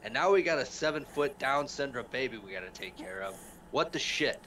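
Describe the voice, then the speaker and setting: A man's voice: mid-range voice, animated, brisk, a bit bright. A man playing a tabletop role-playing game, talking in character in a brash, profane way. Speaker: player.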